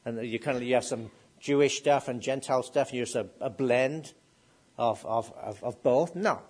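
A man's voice: medium pitch, moderate pace, a little mellow, slightly rough. A middle-aged man preaching a sermon. He asks the congregation questions and builds up to emphatic declarations.

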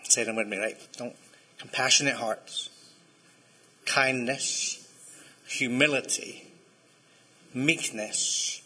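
A man's voice: mid-range voice, bright, forceful tone, husky, poor audio. A man preaching a sermon in a conversational way, often checking in with his listeners. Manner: conversational, asks the congregation to respond. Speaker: pastor.

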